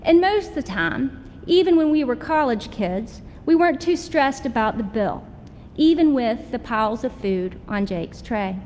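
A woman's voice: fairly high pitch, expressive, unhurried, a little mellow, long reverb tail, a little hiss or hum. A middle-aged woman pastor with a Southern American accent, preaching a sermon in a folksy, humorous storytelling way. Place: church sanctuary.

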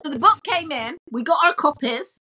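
Bright woman, chatty podcast guest who laughs while she talks, high voice. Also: lively intonation, moderate pace. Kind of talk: casual chat.

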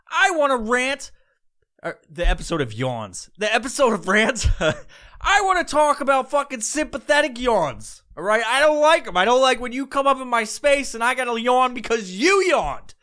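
A young man hosts a podcast, launching into a comedic rant full of heavy profanity and exasperation. His voice is extremely high-pitched and sharp.

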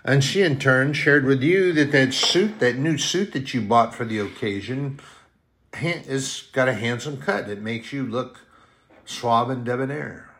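A man preaches at an unhurried pace in a medium-pitched, slightly bright voice, telling stories in a folksy, meandering way. Occasionally he performs brief quoted voices within the sermon.

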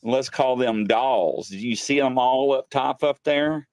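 Gravelly excitable man hosting a paranormal stream. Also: medium pitch, a little slow, no echo. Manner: excitable storyteller, acts out quotes. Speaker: paranormal show host. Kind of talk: casual live-stream chat. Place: home studio. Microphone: desk mic.

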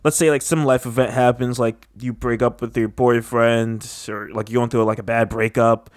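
A man's voice: medium pitch, level tone, moderate pace, no room sound, clean studio sound. A man in casual chat, rambling with lots of filler words and a skeptical tone.

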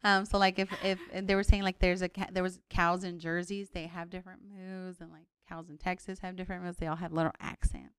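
Smooth-voiced playful woman podcast host. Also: on the low side, level tone, fairly quick, few pauses, no echo, studio quality. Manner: playful, hesitant with many fillers. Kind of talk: casual chat.

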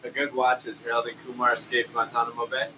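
A man's voice: medium pitch, monotone, quick pace, pushed and bright. A young man chatting casually with friends, joking, laughing and swearing. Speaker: friend in group chat. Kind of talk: casual chat. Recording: distant mic with noisy background.

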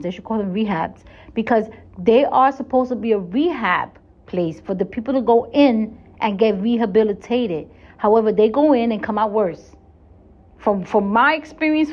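A woman hosting a solo podcast, talking in a chatty, earnest way and often restarting and repeating her words. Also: medium pitch. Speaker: podcast host. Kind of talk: casual solo podcast monologue.

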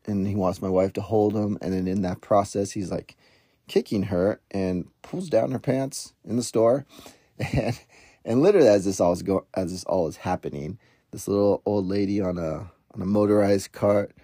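A man's voice: deep voice, warm tone, slightly rough, no echo, studio quality. A man in his thirties, a parenting coach, telling a rambling, self-deprecating story in a casual podcast, with many fillers and restarts.

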